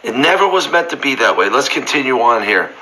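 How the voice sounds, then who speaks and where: A man's voice: medium pitch, big pitch swings, a little fast, bright, forceful tone, low-quality recording. A middle-aged man preaching a sermon earnestly, often restarting his phrases and lifting his voice when he is moved. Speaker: pastor. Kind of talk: sermon teaching.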